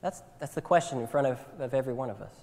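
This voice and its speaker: A man preaching a sermon in earnest, often repeating his words as he swings between loud appeals and hushed, tender lines. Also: medium pitch, very fast. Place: church sanctuary. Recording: long church hall reverb.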